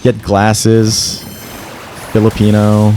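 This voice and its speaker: A man's voice: on the low side, completely flat delivery, slow, mellow, a little hiss or hum. A young man telling a story casually on a gaming podcast, swearing freely and often restarting and stammering. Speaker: podcast co-host.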